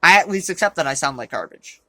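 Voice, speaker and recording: Ranting movie reviewer, exasperated, sarcastic, rough voice, dry close sound. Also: medium pitch, big pitch swings, fast talker, dry recording. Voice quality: self-described rough voice. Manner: exasperated and sarcastic, with loud outbursts. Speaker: film reviewer. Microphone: low-quality camera.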